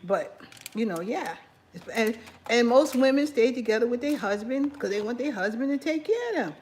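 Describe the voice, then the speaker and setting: A woman's voice: on the high side, sing-song, normal speed, darkish tone, slight background noise. Chatty New York woman cooking. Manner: chatty, talks while cooking. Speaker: cooking channel host. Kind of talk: casual cooking vlog chat.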